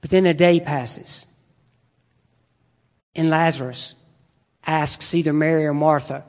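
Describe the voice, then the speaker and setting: A man's voice: on the high side, steady tone, slow pace, pauses often. A man preaching a sermon in a conversational, emphatic way, asking his listeners rhetorical questions. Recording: long reverb in a large hall.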